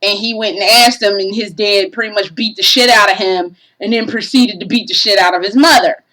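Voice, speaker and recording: A woman's voice: medium pitch, fairly even intonation, brisk, bright, forceful tone, rough recording. A woman giving a casual game review, profane and exasperated, ranting animatedly.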